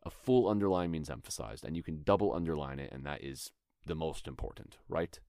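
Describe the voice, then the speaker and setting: A man with a very low, deep voice talks through acting technique in a relaxed, thoughtful way. He sounds like a podcast host teaching his listeners, and now and then he reads a line aloud as an example. The sound is dry and close, with no room around it. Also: brisk, no room sound. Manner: thoughtful, conversational, demonstrates lines aloud. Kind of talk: instructional talk.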